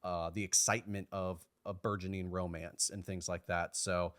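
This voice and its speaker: A man's voice: low-pitched, flat delivery, moderate pace, a bit bright, no echo, studio quality. A young man co-hosting a movie podcast, speaking casually and rambling with fillers and restarts. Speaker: podcast co-host. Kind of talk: casual chat.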